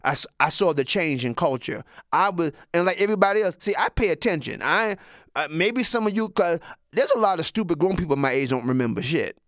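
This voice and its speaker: Brief: sixty-something male comic, high voice, foul-mouthed and rambling, dry close sound. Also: fairly quick, no echo. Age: 60s. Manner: profane, rambling, animated. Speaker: comedian. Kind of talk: stand-up monologue.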